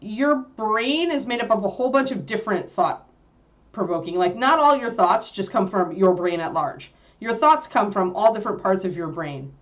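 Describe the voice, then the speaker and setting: Speaking at a moderate pace with lively intonation, a mid-range-voiced woman co-hosts a livestream and replies to viewers' chat. The conversation is casual and rambling, marked by many fillers and easy laughs.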